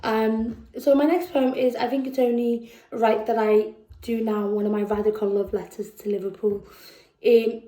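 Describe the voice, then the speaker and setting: A woman with a Scouse accent performing spoken word poetry at a festival, slow and measured, dropping to a hush on heavy lines. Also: on the high side, steady tone, roomy sound, low-quality recording. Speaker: poet. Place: festival venue indoors.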